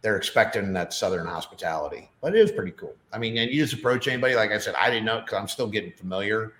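A man's voice: fairly low pitch, lively intonation, quick pace, fairly bright tone, roomy sound. A middle-aged man, a podcast guest, chatting casually and telling stories with lots of fillers. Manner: chatty storyteller with many fillers. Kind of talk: casual chat.

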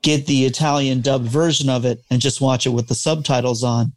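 A man's voice: mid-range voice, steady tone, a little fast, no echo. Enthusiastic man co-host. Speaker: podcast co-host. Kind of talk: casual chat.

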